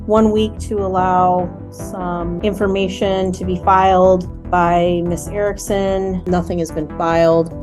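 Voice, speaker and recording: A woman's voice: fairly low pitch, flat delivery, slow pace, few pauses, over music. A woman judge speaking firmly and sternly in a court hearing, scolding a party for interrupting.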